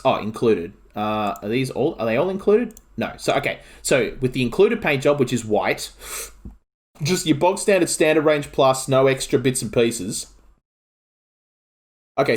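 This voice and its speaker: An Australian man streaming a game and chatting casually, rambling excitably with lots of filler words. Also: medium pitch. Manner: rambling, excitable, heavy use of "like". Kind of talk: casual chat while streaming.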